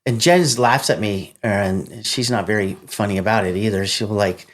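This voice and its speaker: A man co-hosting a podcast in casual, heartfelt conversation, supportive and asking gentle probing questions. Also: fairly low pitch, normal speed. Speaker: podcast co-host.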